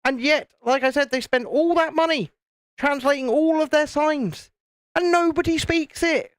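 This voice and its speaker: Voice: high-pitched, moderate pace, no echo, studio quality. A British host chatting wryly with a live chat while building a model, teasing and joking. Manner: wry, teasing banter with the chat.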